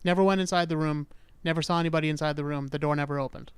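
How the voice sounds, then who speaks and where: Male podcast host, clean resonant voice on the higher side, dry close sound; relaxed, self-deprecating storyteller. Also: very fast, clear, resonant tone, no echo. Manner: chatty, self-mocking. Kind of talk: casual storytelling of a true-crime case.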